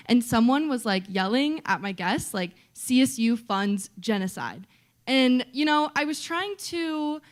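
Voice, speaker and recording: A young woman, a student vice-presidential candidate, answering questions in a campus debate in a conversational way with frequent fillers. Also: a little high.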